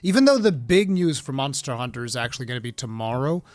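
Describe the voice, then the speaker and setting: A man's voice: mid-range voice, fast talker, no room sound. Chatty streamer man, close dry mic. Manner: rambling, reads chat aloud, bursts of laughing excitement. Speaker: live stream host. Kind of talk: casual live-stream chat.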